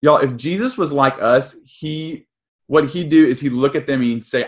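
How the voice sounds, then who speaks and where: A young man gives a sermon in a relaxed, conversational way. He sounds earnest and often stops to say um or restart a phrase. His voice sits at an ordinary middle pitch. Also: moderate pace. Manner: casual and earnest, with frequent ums and restarts. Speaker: pastor.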